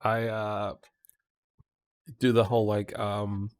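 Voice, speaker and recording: A man's voice: on the low side, flat delivery, slow, no echo, clean studio sound. A man playing a character in a tabletop game, talking hesitantly with lots of fillers. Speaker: player. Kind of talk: casual tabletop play.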